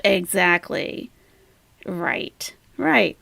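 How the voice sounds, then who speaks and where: A woman's voice: medium pitch, takes it slowly, vocal fry, a bit bright, dry recording. A woman hosting a reaction commentary, mocking the person in the clips she plays. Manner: scornful, mocking. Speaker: commentary channel host.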